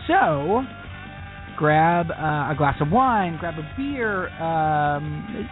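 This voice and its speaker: Lively man with a tinny phone-like sound. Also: on the high side, a little slow. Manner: mock radio-announcer delivery, self-mocking. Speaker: podcast co-host. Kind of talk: casual sports talk podcast. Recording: tinny phone-like line, faint music.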